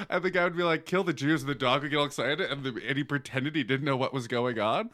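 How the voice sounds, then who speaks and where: Bright-voiced man cracking crude jokes. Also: medium pitch, quick pace. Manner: loud, profane, laughs often. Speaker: podcast co-host. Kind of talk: crude comedic banter.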